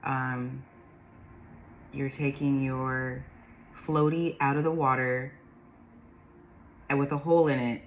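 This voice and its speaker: A woman's voice: a bass voice, fairly even intonation, slow, long pauses, slight background noise. A woman giving an intuitive tarot reading, rambling through the cards, reading their meanings aloud and laughing often. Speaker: tarot reader.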